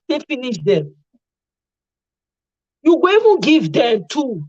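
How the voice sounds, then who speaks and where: A woman's voice: on the high side, unhurried, no echo. Nigerian woman host chatting, drops into pidgin, acts stuff out, muffled dry recording. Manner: animated, mixes in Pidgin and acts out little scenes. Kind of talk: casual commentary. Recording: dull, dry lo-fi sound.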